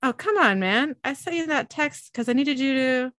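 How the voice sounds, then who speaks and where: During a show recap, a woman voices the lines of a blunt, defensive adult brother, pitching herself above her natural voice. Her delivery is high, lively and fairly bright at a normal speed. The recording is dry and studio-clean.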